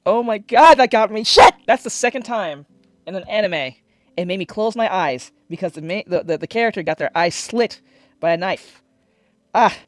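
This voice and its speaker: A man hosting a reaction channel, talking casually in an excitable, rambling way and swearing a lot. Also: sits high, fairly quick, no room sound.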